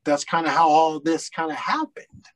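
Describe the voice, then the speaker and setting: A man's voice: on the high side, moderate pace, low-quality recording. A man from Colorado, a podcast guest telling his story in a candid, rambling way, with lots of fillers and blunt swearing. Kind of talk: casual storytelling interview.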